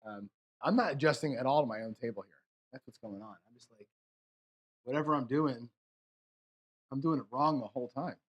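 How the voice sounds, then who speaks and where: Husky man grumbling over dice rolls. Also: medium pitch, brisk, pauses often, highs cut off. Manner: frustrated, swearing, muttering to viewers between rolls. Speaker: craps streamer. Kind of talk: casual live commentary while rolling dice.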